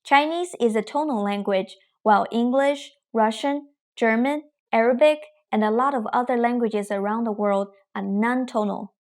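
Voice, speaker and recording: In a scripted Mandarin lesson, a young woman carefully and slowly models pronunciation. Her pitch is fairly high, though her tone is somewhat dark.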